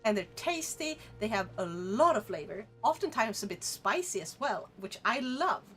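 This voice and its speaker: A woman's voice: on the high side, normal speed, slightly rough, soft background music. A young woman with a Swedish accent, chatting casually with her stream viewers, blunt and sweary. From Sweden. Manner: animated, blunt, swears freely.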